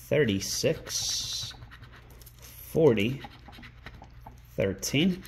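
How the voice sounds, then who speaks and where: Slow, mellow-voiced man calling numbers. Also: medium pitch, slight background noise. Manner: calls out numbers one by one, bursts into excited exclamations. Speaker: scratch-ticket channel host. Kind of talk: casual vlog narration while scratching tickets. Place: indoors at a rental home.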